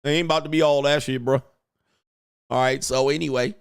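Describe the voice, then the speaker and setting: A man's voice: medium pitch, fairly even intonation, brisk, clean tone. A man hosting a show, ranting in a crude, boastful, swaggering way in casual talk. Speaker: show host. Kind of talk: casual livestream rant.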